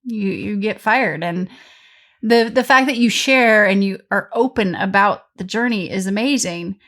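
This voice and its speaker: A woman hosting a podcast interview, asking questions and giving quick affirming reactions. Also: mid-range voice, fairly bright tone. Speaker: podcast host.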